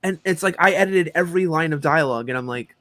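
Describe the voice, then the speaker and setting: A man's voice: fairly high pitch, fast, no room sound. A man in his forties, a voice actor and professor, telling stories as a podcast guest with lots of ums and likes. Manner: animated storyteller, many fillers like um and like. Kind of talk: casual interview chat.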